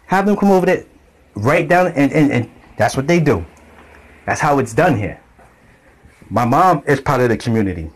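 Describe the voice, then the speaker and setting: Animated man telling a story. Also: mid-range voice, normal speed, long pauses. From grew up in an island community. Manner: animated storytelling, acts out quoted voices. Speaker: vlogger. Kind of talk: casual monologue to camera.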